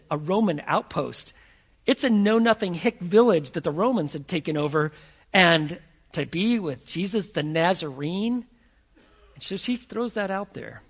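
A man preaching a sermon in an animated, conversational way, acting out the scenes he describes. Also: high voice. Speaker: pastor.

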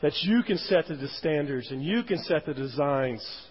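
A man delivering a sermon with a slightly high, breathy voice. He leans hard on key words, then lets his voice sink. The sound is dull and lo-fi, with a long reverb trailing off the hall walls. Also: lively intonation, normal speed. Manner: emphatic, rising and falling for emphasis. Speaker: pastor.

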